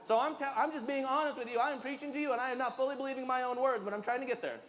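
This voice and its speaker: A man's voice: extremely high pitch, steady tone, very fast, fairly bright tone, in a large hall. A man, a pastor, giving a sermon in a conversational, emphatic way, joking about himself. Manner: emphatic, conversational preaching with self-deprecating humor.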